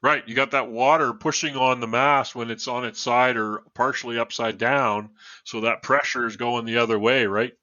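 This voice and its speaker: A man's voice: medium pitch, fairly even intonation, moderate pace, hardly any pauses, pushed and bright, no echo, highs cut off. A man telling a true story as a podcast guest, reading from notes and adding casual asides.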